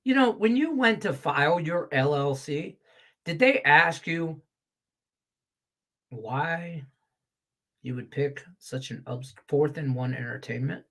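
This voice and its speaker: A man's voice: a little high, lively intonation, takes it slowly, long pauses, a bit bright. A middle-aged man, a sports betting handicapper, talking bluntly and profanely in a rambling, casual way on a picks show.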